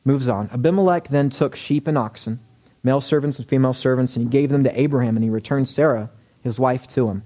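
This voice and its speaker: A man preaching in an earnest, emphatic way, building to rising exhortations. His voice is mellow and warm, sitting in an ordinary middle register. He sounds middle-aged. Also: medium pitch, fast talker. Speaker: pastor. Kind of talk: sermon.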